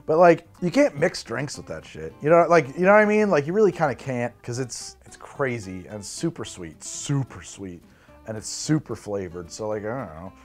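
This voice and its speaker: A man hosts a casual tasting video, and his voice swings widely in pitch as he jokes and laughs. His delivery is animated and loose, and faint music plays softly behind him. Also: moderate pace. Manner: animated, joking, breaks into laughs. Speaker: host. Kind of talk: casual spirits tasting vlog.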